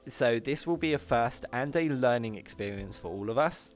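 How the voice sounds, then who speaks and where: His voice is medium in pitch, expressive and moderately paced, with soft music playing behind him. A British VR talk show livestreamer, he greets his chat with affection, giggles frequently and jokes at his own expense, bubbly throughout.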